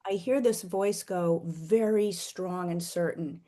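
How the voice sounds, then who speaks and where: A middle-aged woman earnestly sharing a personal faith story, slowing down for emphasis. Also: on the low side, mellow. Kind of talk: heartfelt personal testimony.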